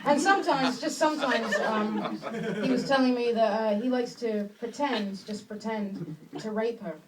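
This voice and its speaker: A woman's voice: on the high side, background noise. English woman doing stand-up, distant mic. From England. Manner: dry, halting delivery with fillers and restarts. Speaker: stand-up comedian. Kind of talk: stand-up set. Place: small club with a live audience. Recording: distant mic, loud crowd laughter. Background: audience laughing.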